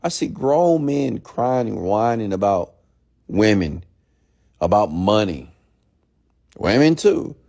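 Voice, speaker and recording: Gravelly low-voiced man ranting bluntly. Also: sing-song, takes it slowly, pauses often, mellow. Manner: blunt, profane, confrontational; reads and answers viewer questions. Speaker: entrepreneur mentor host. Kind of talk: late-night live-stream rant.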